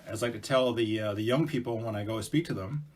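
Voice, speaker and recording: A man's voice: on the low side, fast, a little mellow. A man telling traditional stories to students in a chatty, casual way with asides and fillers. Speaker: storyteller presenting to schools. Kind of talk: casual oral storytelling.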